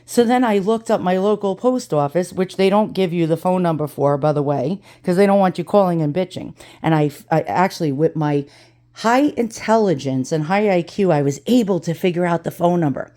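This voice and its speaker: A woman's voice: on the low side, fairly quick, mellow. A middle-aged woman vlogger talking in a casual, blunt and profane way, telling a story while she unboxes things. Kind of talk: casual ranting vlog chat.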